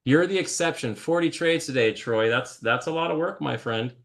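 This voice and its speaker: A man's voice: fairly high pitch, moderate pace, a bit bright. A man hosting a live trading show, chatting casually and rambling with many restarts. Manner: rambling, self-interrupting, jokey. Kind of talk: casual live stream chat.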